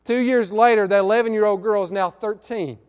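A man preaching a sermon, telling a story in an earnest way and drawing out key words slowly. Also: high-pitched, fairly even intonation, darkish tone, clean tone, big-room sound. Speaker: pastor. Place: church sanctuary.

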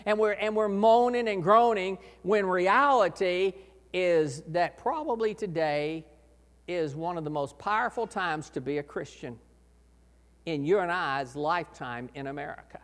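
A man preaching a sermon as pastor, earnest, swelling to loud emphasis and dropping low again. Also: unhurried. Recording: echoey hall reverb.

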